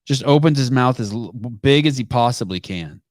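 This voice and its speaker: A man's voice: medium pitch, animated, normal speed, dry recording, clean studio sound. A man hosting a casual call-in podcast, rambling through stories with loose, profane talk and easy laughter. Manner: laughs easily. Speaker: podcast host.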